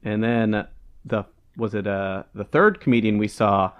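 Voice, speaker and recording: A man's voice: fairly low pitch, normal speed, muffled recording. A man co-hosting a podcast in casual chat, rambling and hunting for words with lots of fillers. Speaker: podcast co-host.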